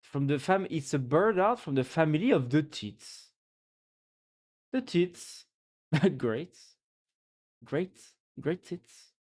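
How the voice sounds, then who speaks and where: Late at night and tired, a streamer from France plays around with viewers in a casual live-stream chat, speaking English with a French accent; French is their first language. Their mid-range voice is sing-song and darkish, slow, with long pauses.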